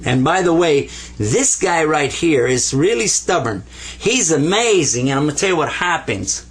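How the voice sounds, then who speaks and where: Husky, lively older male Arabic teacher. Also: fairly high pitch. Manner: patient, playful, repeats sounds slowly for learners. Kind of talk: whiteboard language lesson.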